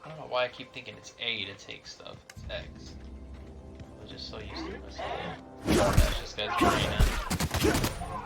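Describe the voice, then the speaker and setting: A man's voice: mid-range voice, normal speed, gravelly, over loud music. Laid-back male game streamer. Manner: laid-back, chatty, swears casually. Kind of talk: casual gameplay commentary. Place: garage streaming setup.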